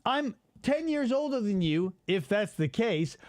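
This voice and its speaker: A man in his forties hosting a casual podcast, ranting in an exasperated, animated way and swearing freely. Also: sits high, unhurried, dry recording, studio quality. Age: 40s. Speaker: podcast host.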